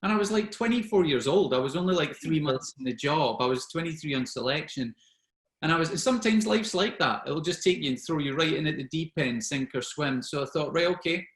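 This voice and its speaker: A man in his forties, a former soldier telling lively anecdotes and acting out the dialogue. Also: on the high side, brisk, reverberant. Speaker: guest speaker, former special forces soldier. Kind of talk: anecdotal storytelling at an online networking event.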